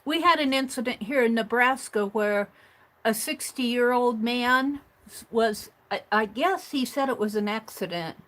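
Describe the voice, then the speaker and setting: This livestream host crafts as she talks, her voice a little high, a little slow, and fairly bright. Chatty and self-directed, she reads viewer comments aloud, stumbles into restarts and fillers, and laughs without effort.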